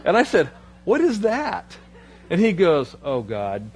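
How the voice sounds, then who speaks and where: A man preaching a sermon as pastor, telling a personal story with lively quoted dialogue before turning to scripture. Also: high voice, unhurried, slightly rough. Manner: storytelling, animated, quoting others in his anecdotes. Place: church sanctuary.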